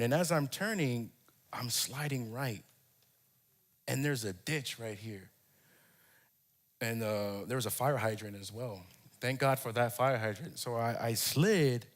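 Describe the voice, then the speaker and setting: A man's voice: mid-range voice, a bit bright. A man preaching a sermon, telling a personal story and acting out his own cries and prayers. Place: church.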